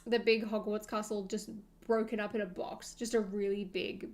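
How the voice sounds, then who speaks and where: A young woman streaming, chatting casually and thinking aloud with soft laughs. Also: medium pitch, level tone, moderate pace.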